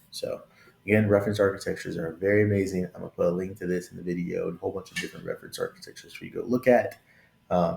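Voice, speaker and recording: In an echoey room, a late-20s to early-30s man hosts a laid-back tech vlog with a low, darkish voice and vocal fry. He speaks conversationally, affectionately and openly, often tossing in "right?"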